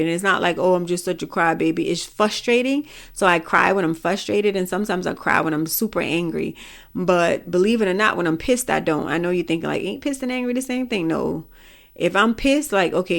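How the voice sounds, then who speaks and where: A middle-aged woman hosts a podcast and speaks her mind in a candid, blunt monologue. Her voice sits low and carries a gravelly fry. She swears now and then. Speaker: podcast host. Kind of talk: casual opinion monologue.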